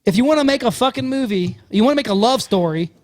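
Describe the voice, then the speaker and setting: A man's voice: very high-pitched, fast, dry recording, clean studio sound. A man co-hosting a casual podcast, talking bluntly and in long rambles, swearing constantly. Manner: animated, profane, blunt, rambling. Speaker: podcast co-host.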